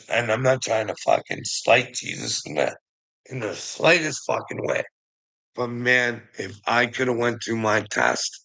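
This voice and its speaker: Male ranter, forceful and tense, heavy swearing, low mutters to shouts. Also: low-quality recording. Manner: laughs between lines. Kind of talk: profane emotional rant.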